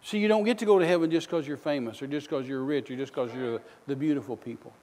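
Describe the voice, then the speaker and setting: A male missionary preacher delivering a sermon, telling folksy stories with bursts of loud outrage. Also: medium pitch, quick pace, long reverb tail.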